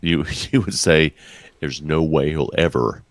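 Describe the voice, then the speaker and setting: A man with a very low voice, answering interview questions in short, direct remarks. The sound is dry and close-miked, with no trace of room echo. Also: a little slow. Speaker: guest writer. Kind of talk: casual interview chat.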